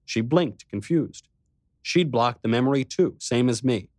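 A man narrating an audiobook in the first person, steady and measured. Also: mid-range voice, no echo, studio quality.

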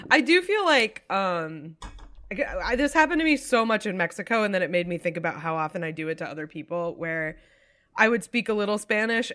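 Bright, quick-talking woman podcast co-host. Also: fairly low pitch. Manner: quick, laughing, self-deprecating with frequent swearing. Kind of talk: casual chat.

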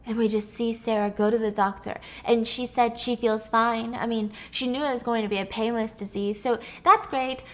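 A woman casually recapping a story, animated and joking, with some swearing. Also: a little high, normal speed, few pauses.

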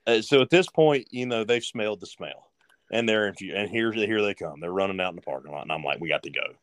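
A man's voice: fairly low pitch, a little fast, no echo. A man telling a rambling story as a guest on a casual podcast.

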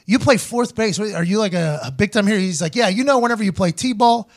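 A man in his thirties hosting a podcast, telling a story in casual chat, animated and profane, acting out the quotes. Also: high-pitched, brisk. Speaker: podcast host.

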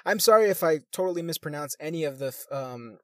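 A man's voice: fairly high pitch, animated, quick pace, a bit bright, no room sound, clean studio sound. A man reading news articles aloud and adding crude, swearing comments between them, sometimes stumbling over words.

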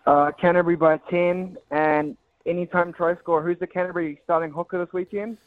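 A man's voice: sits high, fairly even intonation, fairly quick. A man phoning in to a radio show, laid-back and brief. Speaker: caller. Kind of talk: casual radio call-in chat. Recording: tinny phone line.

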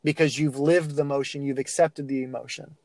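A man as a podcast guest, telling coaching stories in a casual, animated way with many restarts and fillers. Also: medium pitch, a little fast, no echo. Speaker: guest, athlete mental-skills speaker.

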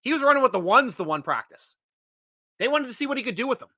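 A man's voice: very high voice, fast talker, no room sound. A man hosting a casual sports fan livestream, chatting energetically and reading out viewer comments. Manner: energetic, chatty, bursts of loud excitement.

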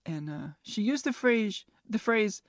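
A woman's voice: mid-range voice, lively intonation, measured pace, dry recording, studio quality. A woman in her fifties hosting a casual solo podcast, chatty and self-mocking, laughing at her own jokes. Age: 50s. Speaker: podcast host.

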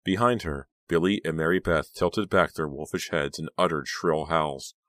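A man narrating a horror audiobook in a steady, measured reading. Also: extremely low pitch, dry recording, studio quality. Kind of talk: scripted narration.

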